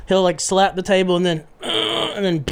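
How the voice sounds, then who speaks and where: Young man, high voice, chatty guest storyteller who laughs mid-sentence. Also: very animated, moderate pace, creaky, heavy background noise. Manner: laughs mid-sentence while telling stories. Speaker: podcast guest. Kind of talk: casual storytelling.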